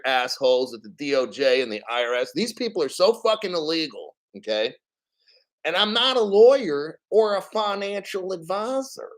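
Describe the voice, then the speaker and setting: A man's voice: high voice, a bit bright, rough recording. A man in his fifties hosting a crypto news livestream, ranting in a profane, sarcastic way. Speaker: crypto news show host.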